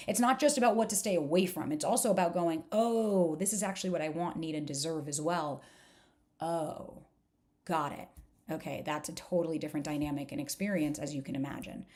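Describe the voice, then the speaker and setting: A woman's voice: mid-range voice, a little mellow. A woman relationship coach presenting a live workshop, talking frankly with casual swearing and firing off one rhetorical question after another.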